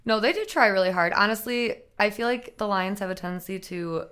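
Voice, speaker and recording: A bubbly woman chats as a guest on a casual podcast. She talks in an animated way, laughs easily, and gets loud when she is excited. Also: mid-range voice, a little fast, smooth. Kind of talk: casual chat.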